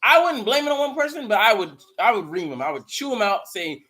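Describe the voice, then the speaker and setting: Male host, high voice, profane live game commentary, excitable. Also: fairly quick, few pauses. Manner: profane, excitable, bursts into mocking shouts. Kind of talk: live watch-party commentary.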